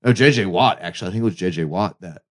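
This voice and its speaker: Male co-host, low voice, rambling swearing storyteller, loose casual chat. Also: fast. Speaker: podcast co-host.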